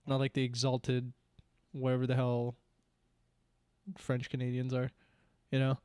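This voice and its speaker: A man's voice: mid-range voice, monotone, a little slow, warm tone, clear, resonant tone, no echo, clean studio sound. A young man co-hosting a podcast in casual chat, rambling with many "like"s and "you know"s. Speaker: podcast co-host.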